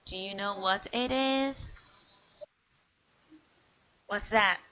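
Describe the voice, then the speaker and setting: A woman whose first language is Chinese, teaching an online one-on-one lesson in English, slow and encouraging, praising often and modelling each word clearly. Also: medium pitch, pushed and bright, poor audio. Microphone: video call.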